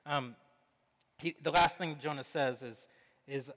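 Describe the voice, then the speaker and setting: Bright-voiced man preaching in a reverberant hall. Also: a little high, a little slow, long pauses. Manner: animated storytelling, acts out quotes. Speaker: pastor. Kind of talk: sermon.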